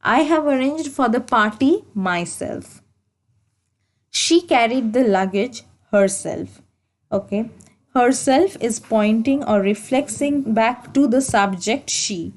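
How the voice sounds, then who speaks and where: A woman teaching an English grammar lesson for exam preparation, explaining slowly and deliberately, repeating key points and correcting herself as she goes. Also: a little high. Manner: slow, deliberate explaining with repetition and self-corrections.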